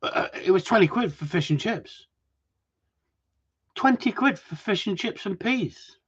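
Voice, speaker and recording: A man rambles and jokes to his viewers, swearing casually as he goes. His voice is husky and a little rough. The sound is dull and lo-fi. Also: sits high, animated, unhurried, fairly bright tone. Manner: rambling, swears, jokey banter. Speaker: livestream host. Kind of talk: casual chat to a live audience.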